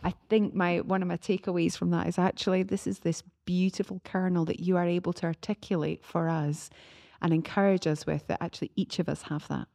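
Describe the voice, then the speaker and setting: A woman co-hosting a casual chat about faith, affirming the guest and speaking in quick, eager bursts. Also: fairly low pitch, little pitch movement, gravelly, darkish tone. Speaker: co-host.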